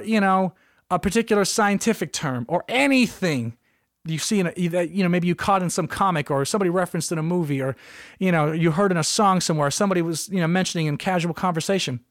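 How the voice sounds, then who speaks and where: A man hosting a comedic solo podcast, rambling through stories with jokey asides and lively outbursts. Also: high-pitched, dry recording, clean studio sound. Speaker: podcast host.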